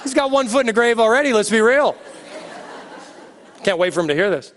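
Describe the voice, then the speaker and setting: Lively high-voiced male preacher. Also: a faint crowd, a little hiss or hum. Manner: animated and joking, then slow and hushed in prayer. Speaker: pastor. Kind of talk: sermon.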